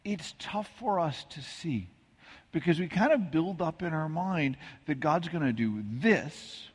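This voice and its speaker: A man with a slightly husky voice preaches in a relaxed, conversational way, tossing in asides and jokes at his own expense. He is from the American Midwest. His voice rings out through a church with a long, lingering reverb. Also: a little high, measured pace. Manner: conversational, self-deprecating storytelling with asides. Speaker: pastor. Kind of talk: sermon. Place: church sanctuary.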